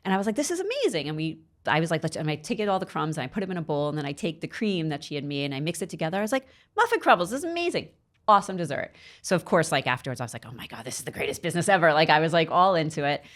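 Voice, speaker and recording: A woman guest on a podcast talks fast in a low voice during a casual interview. She tells stories with animation, acting out the voices of the people she quotes.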